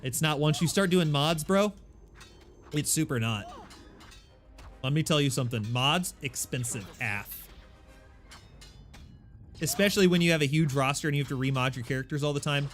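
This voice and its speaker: A man streaming a game from his apartment, chatting casually into a desk mic, self-deprecating and full of quick asides. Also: on the high side, a bit bright, soft background music. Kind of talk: casual live-stream chat. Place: home apartment. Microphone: desk microphone.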